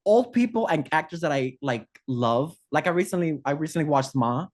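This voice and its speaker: A man's voice: fairly high pitch, animated, moderate pace. A man co-hosting a casual group chat, campy and sassy, calling everyone honey. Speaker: podcast co-host.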